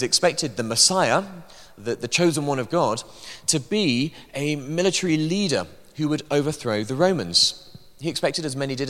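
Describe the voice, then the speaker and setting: A man's voice: mid-range voice, fairly bright tone. Guy preaching in a big church, punchy and a bit wry, lots of reverb. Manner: emphatic, with dry asides. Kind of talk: sermon. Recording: long hall reverb.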